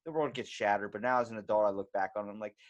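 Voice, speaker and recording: A man's voice: fairly low pitch, very fast. A young man, a podcast guest, chatting casually, laid-back and swearing freely as he acts out the voices in his anecdotes.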